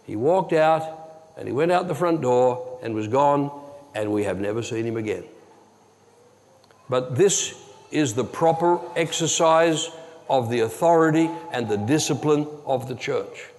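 Man preaching in a reverberant church. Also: a little high. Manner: earnest, drops to a hushed tone for dramatic moments. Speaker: pastor. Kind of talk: sermon storytelling. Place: church hall. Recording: long hall reverb.

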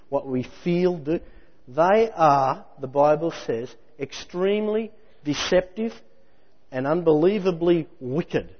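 A man preaching a sermon in a lively, conversational way with jokey asides. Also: a little high, slightly rough. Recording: muffled hall recording with long reverb.

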